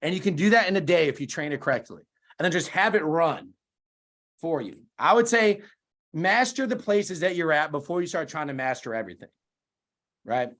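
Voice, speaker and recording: Punchy male motivational speaker, high-pitched, video call. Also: expressive, moderate pace, fairly bright tone. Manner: emphatic, punchy rhetorical questions. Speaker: guest speaker.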